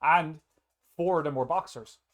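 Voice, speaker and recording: A young man co-hosting a podcast, telling stories in a blunt, animated way and swearing often. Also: fairly high pitch, normal speed, slight background noise. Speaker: podcast co-host. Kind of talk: casual chat, storytelling.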